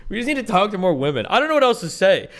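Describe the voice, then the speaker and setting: A man's voice: sits high, sing-song, rapid-fire, fairly bright tone. A man in his thirties streaming, ranting bluntly and profanely to his chat, mocking others with put-on voices. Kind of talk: livestream rant to chat.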